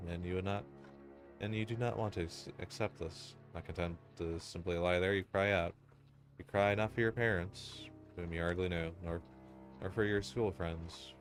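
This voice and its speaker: A man narrating a dark second-person story in a solemn, ominous and deliberate way. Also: sits low. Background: music.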